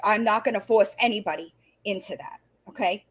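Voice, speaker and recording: A woman's voice: mid-range voice, brisk, husky. A woman hosting a livestream, ranting angrily with heavy swearing and stumbling restarts. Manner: angry, profane, stumbling restarts. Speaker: livestream host. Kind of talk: heated livestream rant.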